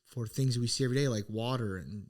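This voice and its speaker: A man's voice: mid-range voice, fast talker, a little mellow. Earnest reflective man telling a story. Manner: earnest, reflective, full of restarts. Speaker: podcast co-host. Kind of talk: casual personal storytelling.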